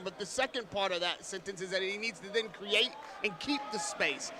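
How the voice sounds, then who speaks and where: A man's voice: high voice, normal speed, few pauses, background noise. A man giving live ringside boxing analysis, articulate and analytical. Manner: articulate, analytical, laughs easily. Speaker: boxing pundit. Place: boxing arena. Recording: loud arena crowd behind. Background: arena crowd.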